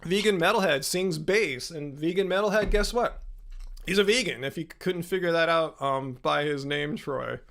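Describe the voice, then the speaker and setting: A man's voice: a little high, moderate pace, vocal fry, a bit bright. Combative, sarcastic fifties man hosting a live Q&A. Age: 50s. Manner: combative, sarcastic, talks to chat commenters by name; rambling with frequent restarts. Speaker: livestream host. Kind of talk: live Q&A answering chat.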